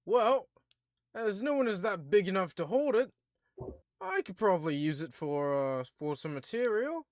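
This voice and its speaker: A tiny, foul-mouthed dwarf blacksmith barks in a high, put-on British accent, as a man does the voice. He grumbles loudly and swears, with pitch jumping up and down. The sound is close and dry. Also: sing-song, normal speed, no room sound. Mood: gruff. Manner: crude, grumbling, loud.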